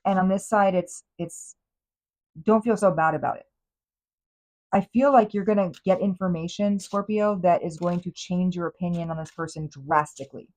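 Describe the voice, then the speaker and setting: Chatty, low-voiced woman tarot reader. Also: moderate pace, a little mellow, low-quality recording. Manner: chatty and emphatic, many fillers and restarts. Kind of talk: tarot reading monologue.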